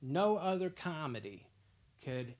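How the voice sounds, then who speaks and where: A young man hosting a movie podcast, ranking films in a casual, profane, excitable way. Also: a little high, slow. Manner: profane, excitable storytelling with frequent laughs.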